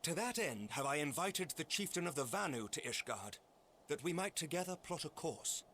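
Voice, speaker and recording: A man voicing an earnest, formal nobleman who leads a holy city, speaking in measured, courtly phrases. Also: on the high side, very animated, sharp tone, a little hiss or hum. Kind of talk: formal game dialogue. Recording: game audio with faint music. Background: faint game music.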